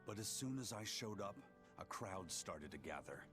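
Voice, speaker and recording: Deep serious game adventurer, short words, music playing. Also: male voice, lively intonation, normal speed. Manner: curt, serious.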